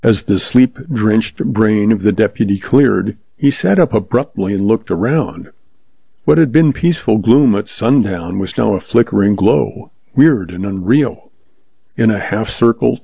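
A man with a low, dark, husky voice reads pulp western stories in a steady, measured way. The recording is dry and dull, with a lo-fi sound. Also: no echo. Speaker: story reader, host.

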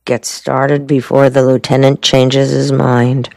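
Man reading as a calm, shrewd defense lawyer in an audiobook, low and measured. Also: creaky, no echo, clean studio sound.

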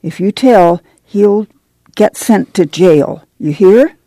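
A reader voicing a firm, protective farm mother who gives orders in a low, hushed, urgent way. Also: lively intonation, slow, no echo.

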